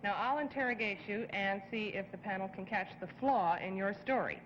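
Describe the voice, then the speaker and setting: A woman's voice: medium pitch, a little fast, hardly any pauses. A woman guest on a game show, bantering playfully and putting on a mock-formal detective voice. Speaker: celebrity guest. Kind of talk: game show banter, reading comic mysteries. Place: TV studio before an audience. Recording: lo-fi 1960s TV audio with reverb and hiss.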